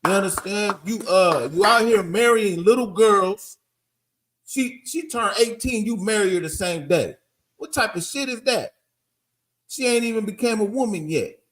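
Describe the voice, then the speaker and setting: A man's voice: sits high, normal speed, a bit bright. A man teaching a group in a blunt, emphatic street-preaching style, often checking that listeners understand. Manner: emphatic, keeps asking "you understand?"; blunt and profane.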